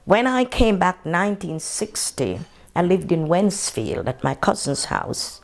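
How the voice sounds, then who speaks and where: An older woman from Jamaica with a Jamaican accent, telling her memories in an unhurried, matter-of-fact way during an oral history interview. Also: on the low side, big pitch swings, creaky.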